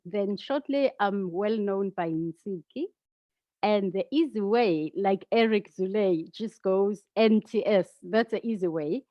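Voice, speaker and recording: A woman's voice: mid-range voice, a little slow, dry recording, muffled recording. A woman from South Africa with a South African accent, chatting on a video call and patiently teaching how to say her name. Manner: patient, teaching pronunciation step by step. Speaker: guest, founder. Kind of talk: casual video call conversation.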